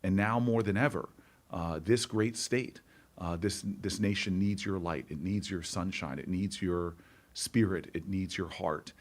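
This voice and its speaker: A middle-aged man, a senator, speaking as an interview guest in a stirring, oratorical way and repeating phrases for rhythm. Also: deep voice. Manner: slow, emphatic delivery. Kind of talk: interview with speech-like rhetoric.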